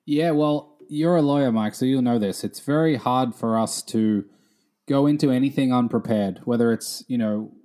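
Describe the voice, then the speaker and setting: A man in his thirties answering interview questions as a guest, speaking in a measured, articulate way. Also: mid-range voice, mellow. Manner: measured, articulate with some fillers. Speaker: guest, gaming attorney. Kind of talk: casual interview.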